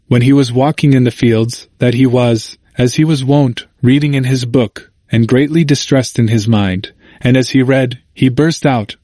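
A man reading an old allegory aloud in measured, even scripted narration. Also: mid-range voice, dry recording, clean studio sound.

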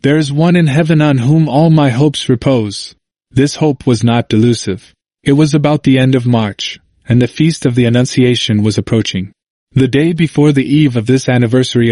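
A man narrates a historical text in a steady, formal reading voice of middle pitch. The sound is dry and close, with no room around it. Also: no room sound. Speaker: audiobook narrator. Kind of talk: scripted narration.

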